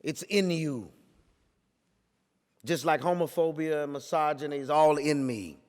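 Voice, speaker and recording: A man, a pastor, giving a talk full of storytelling in a preaching cadence, repeating phrases and building to forceful peaks. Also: on the high side, unhurried, in a large hall.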